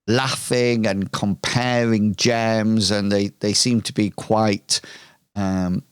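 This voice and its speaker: A man narrating as game master of a tabletop role-playing game, describing scenes hesitantly with many pauses and ums. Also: fairly low pitch, little pitch movement, smooth, no room sound, clean studio sound.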